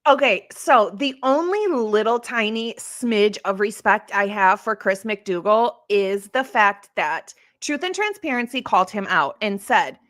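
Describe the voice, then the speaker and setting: A woman's voice: medium pitch, animated, unhurried, few pauses, a bit bright, no echo, clean studio sound. A woman hosting a casual true crime livestream, chatting in a rambling way and answering comments from her live chat. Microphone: streaming setup.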